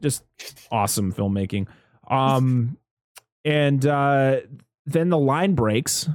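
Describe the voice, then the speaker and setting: A man co-hosting a casual movie recap, talking animatedly and yelling out character lines. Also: takes it slowly, no echo, studio quality. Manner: animated, mimics characters with loud high yells. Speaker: podcast co-host recapping a movie. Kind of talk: casual chat.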